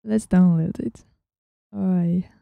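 A woman hosting a casual software tutorial, chatting as she works and often dropping into a whisper. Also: on the low side, fairly even intonation, slow, creaky, no room sound, phone-quality sound. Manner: chatty, thinking aloud, often drops to a whisper. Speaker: tutorial host.

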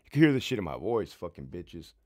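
A former prison sergeant tells his own story to camera in a rough, swearing, worked-up way. His low voice swings widely up and down as he talks. The sound is dry and close, with no room echo. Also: fast talker. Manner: profane, heated, animated.

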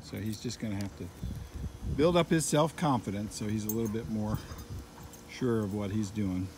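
A man vlogging casually about his animals, talking softly and cooing at them. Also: lowish voice, normal speed, slight background noise. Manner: soft, cooing talk to animals. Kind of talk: casual vlog talk.

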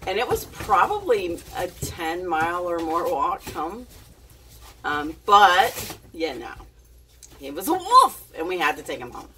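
A woman's voice: fairly low pitch, huge pitch swings, unhurried, pushed and bright, far from the mic, a little hiss or hum. A woman telling a casual story to her camera, chatty and giggly, with plenty of fillers and restarts. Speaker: vlogger.

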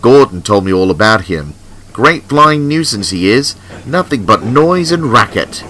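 A man's voice: lowish voice, animated, fast talker, sharp tone, full character voice. A man voicing a grumpy, scornful male steam engine who fumes and snorts as he complains. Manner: fuming and snorting.

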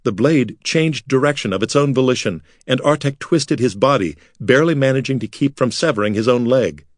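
A man narrating a fantasy audiobook in a measured, dramatic way. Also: medium pitch, expressive, no room sound, studio quality. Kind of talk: scripted narration.

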